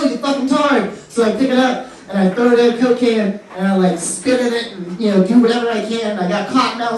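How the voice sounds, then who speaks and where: A man telling a story in a stand-up set, bouncing into the voices of the people he quotes. His voice is high for a man. He is heard from afar in a very echoey room, with faint noise behind. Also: far from the mic. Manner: animated, acts out quotes. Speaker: stand-up comic.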